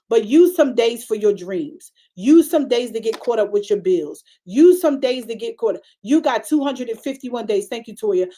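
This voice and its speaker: A middle-aged woman pastor delivers a sermon in a conversational, vernacular way, her dark-toned voice repeatedly climbing into emphatic, high-pitched bursts.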